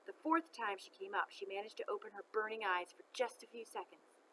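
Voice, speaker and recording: A woman reading a children's novel aloud, expressive and chatting to listeners between chapters. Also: medium pitch, a little fast, slight background noise, low-quality recording.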